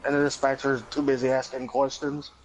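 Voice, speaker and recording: A man's voice: medium pitch, level tone, a little fast, poor audio. A man chatting with a friend on a gaming stream, with blunt and profane banter. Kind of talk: casual chat while gaming.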